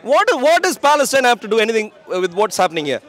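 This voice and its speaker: A man preaching outdoors on a city street, loud and projecting as he argues with passersby. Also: high-pitched, sing-song, fast talker, some chatter behind. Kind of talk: open-air street preaching and debate.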